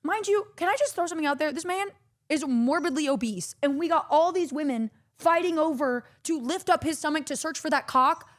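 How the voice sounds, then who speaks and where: Animated young woman telling a wild story. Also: high-pitched, a little fast. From Corpus Christi, Texas. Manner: animated, acts out quotes, swears a lot. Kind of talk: casual storytelling.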